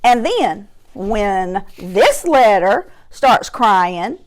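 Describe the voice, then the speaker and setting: Slow, patient teacher woman, lilt. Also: mid-range voice, very animated. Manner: slow, patient, sing-song prompting with exaggerated sounds. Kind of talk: phonics lesson for young children.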